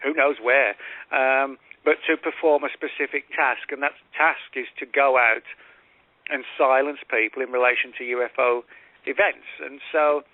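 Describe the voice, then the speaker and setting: A man, a guest author on a call-in radio interview, explains at length in a measured way with frequent fillers and restarts. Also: mid-range voice, fairly even intonation, dry recording. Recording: tinny phone-line audio, dry.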